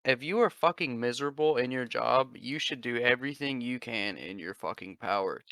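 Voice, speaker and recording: A man's voice: medium pitch, moderate pace, creaky, no echo. A man in his twenties hosting a casual podcast, swearing freely and acting out quotes as he tells stories. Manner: profane, animated storyteller who acts out quotes. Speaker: podcast host. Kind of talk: casual chat.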